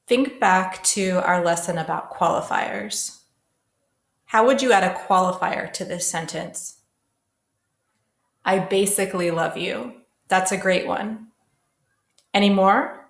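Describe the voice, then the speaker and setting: A woman teaching a classroom pronunciation lesson, modelling sounds slowly and carefully for students to repeat. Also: fairly low pitch. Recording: echoey room.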